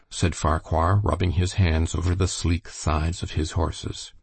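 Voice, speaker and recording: Man, audiobook narrator, husky voice, dry close sound. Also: a bass voice, normal speed, few pauses, no echo. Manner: steady storytelling. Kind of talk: reading a novel aloud.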